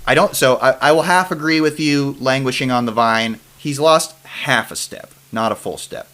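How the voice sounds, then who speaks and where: Dude hosting a chill sports pod, kinda rambly, mid pitch, keeps restarting sentences. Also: male voice, a bit bright. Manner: rambling, quick restarts and trailing off. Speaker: podcast host. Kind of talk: casual chat.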